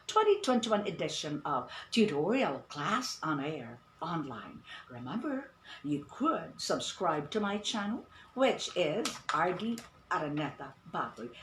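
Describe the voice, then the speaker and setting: Woman English tutor, emphatic and animated, in a roomy space. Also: on the low side. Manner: emphatic, repeats "no, no" when correcting. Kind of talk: radio-style online English lesson. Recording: echoey room with faint ambient noise.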